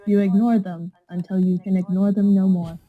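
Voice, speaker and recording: A woman on a casual podcast, making dry, deadpan remarks. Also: medium pitch, normal speed, phone-quality sound.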